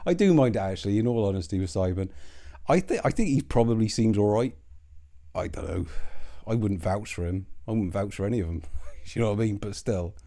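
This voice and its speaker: A man's voice: lowish voice, animated, a little fast, mellow. A man hosting his own channel, rambling in a sardonic, sweary commentary that keeps interrupting itself.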